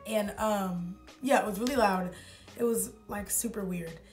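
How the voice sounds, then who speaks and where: A woman's voice: mid-range voice, measured pace, a little mellow, soft background music. A young woman vlogger telling a story in a rambling, casual way, full of filler words. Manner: rambling, heavy use of filler "like".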